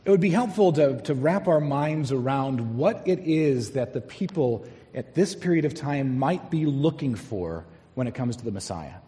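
A male pastor preaching a sermon, telling a story and slowing down to stress key words. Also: medium pitch, animated, dark tone. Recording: long hall reverb.

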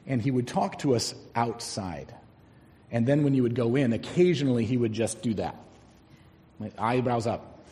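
A male pastor preaching a sermon, telling a story and slowing down to stress key words. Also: mid-range voice, warm tone. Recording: long hall reverb.

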